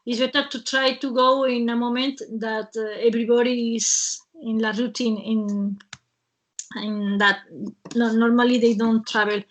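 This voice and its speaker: A woman hosting an online webinar in a casual way. She talks haltingly, with many fillers and restarts, and laughs often between phrases, over a video call. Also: fairly high pitch, level tone. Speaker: webinar host.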